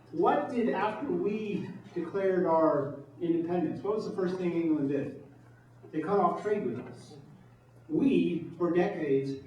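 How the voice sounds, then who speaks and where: A man's voice: a little high, warm tone. Man speaking from afar in an echoey room. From New York. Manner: emphatic, asks rhetorical questions. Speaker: political candidate. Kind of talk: campaign speech with audience questions. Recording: distant mic, echoey room, dull sound.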